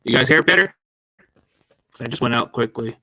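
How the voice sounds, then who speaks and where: Gravelly, bright-voiced guy host. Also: mid-range voice, brisk, no room sound. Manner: rambling, slangy, addresses listeners as man and dude. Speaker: sports podcast host. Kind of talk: casual chat. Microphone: laptop microphone.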